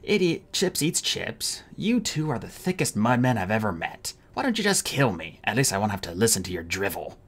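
A man voicing a grumpy sharp-tongued male dwarf who mocks his captors. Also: lowish voice, very animated, normal speed, hardly any pauses, breathy edge, heavily acted. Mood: scornful. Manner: scornful, sarcastic.

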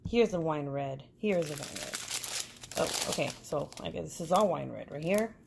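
A woman with a lowish, gravelly voice talks through an unboxing in a loose, chatty way, full of fillers. Loud crinkling and rustling of packaging sits right under her voice. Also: lively intonation, moderate pace, noisy background. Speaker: crafting vlogger. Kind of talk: casual unboxing chat.

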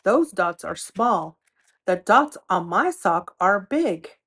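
Fussy storybook fox, high and eager, put on by a woman reader, slow and clear. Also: very animated, fairly bright tone, exaggerated voice. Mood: insistent. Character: excitable fox fussing over his lost sock.

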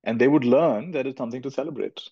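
A man's voice: mid-range voice, fast, mellow, slightly rough, no echo. A middle-aged man from India, giving a thoughtful spiritual talk as a teacher and repeating phrases for emphasis. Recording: dull lo-fi recording.

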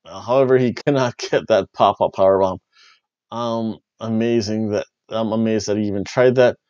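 A man hosting a wrestling review podcast, rambling and joking, jumping between loud bursts and mumbled asides. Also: on the low side, fairly even intonation, moderate pace, no room sound, highs cut off. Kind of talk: casual review chat.

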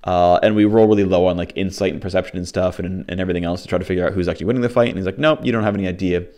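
A young man with a low voice talks very fast as he casually recaps a tabletop game session. He rambles, restarting often and using lots of fillers, and slips into lively quoted dialogue.

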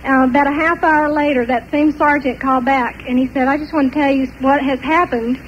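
An older woman telling a personal story in an animated way, often laughing between parts of it. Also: high voice, a little fast, lo-fi sound, slight background noise. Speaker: testimony speaker.

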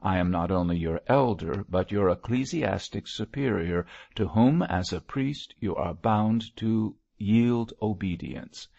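A man's voice: fairly low pitch, lively intonation, measured pace, vocal fry, hardly any pauses, a little mellow, no room sound, full character voice. A man reading the part of an elderly bishop who reproaches his curate in a solemn, sorrowful tone. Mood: stern. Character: elderly male bishop, mild but stern. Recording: dull lo-fi dry recording.

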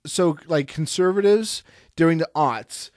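A man's voice: fairly high pitch, measured pace, a little mellow, no echo, studio quality. Rambling man hosting a podcast. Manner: loose, rambling, restarts while thinking. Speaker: podcast host. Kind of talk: casual podcast chat.

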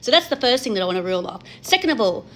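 A woman's voice: fairly high pitch, big pitch swings, rapid-fire, a little hiss or hum. A woman with an Australian accent hosting a gossip vlog, chatty and sarcastic, often asking "you know what I mean?". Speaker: gossip channel co-host. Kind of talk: casual chat to camera.

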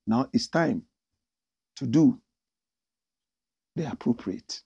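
Ghanaian male host, husky and gravelly, swinging pitch, dry close sound. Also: slow, pauses often, no echo, lo-fi sound. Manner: animated, reads viewer comments aloud in a pitched-up voice. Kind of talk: casual livestream talk.

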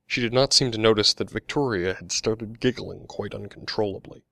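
Gravelly, bright-toned male audiobook narrator. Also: fairly low pitch, brisk, dry recording, studio quality. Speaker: author narrating his own novel.

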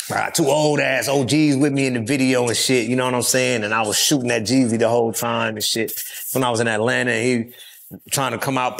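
A man guest in an interview, telling stories in a casual, animated and profane way and acting out quotes. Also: medium pitch, vocal fry. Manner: animated, profane street talk, acts out quotes.

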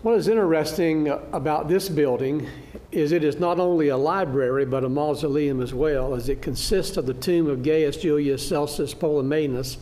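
A man teaching a church Bible class, lecturing through a slide show in a halting way, with frequent fillers and restarts. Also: a little high, mellow. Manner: good-humored, laughs at his own slip.

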